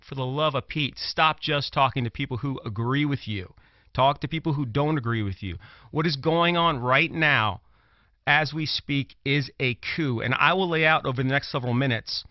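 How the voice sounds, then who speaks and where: A man's voice: mid-range voice, dry recording. Brooklyn guy talking politics on a show, punchy, repeats himself, dry lo-fi sound. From Brooklyn, New York. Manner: emphatic, repeats phrases when worked up. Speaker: commentator, former prosecutor. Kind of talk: political commentary talk show.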